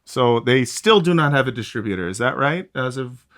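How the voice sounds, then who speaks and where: A man's voice: medium pitch, lively intonation, normal speed, fairly bright tone. A man co-hosting a podcast in casual, sarcastic chat, rambling with many fillers. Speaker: podcast co-host.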